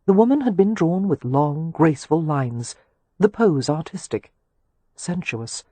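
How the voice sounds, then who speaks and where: Breathy woman narrating an audiobook. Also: low voice, expressive, unhurried, dark tone, no echo.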